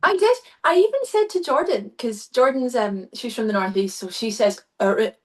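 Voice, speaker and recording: A woman's voice: fairly high pitch, lively intonation, moderate pace. A stage performer, a woman, chatting as a podcast guest, gushing and enthusiastic with many fillers. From Scotland. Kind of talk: casual podcast chat.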